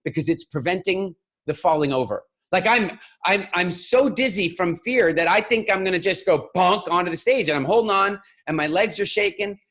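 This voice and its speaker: Man in his keynote voice, fairly high-pitched, lively storyteller who acts out characters; speaker for a stage talk. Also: normal speed, few pauses. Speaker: public speaking coach.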